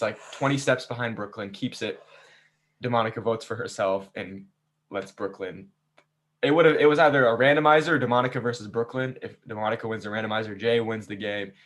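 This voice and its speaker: Male host, casual after-show recap, lively storyteller who voices the players. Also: medium pitch. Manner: animated storytelling, acts out players' quotes. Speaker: game host recapping a season. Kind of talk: casual chat.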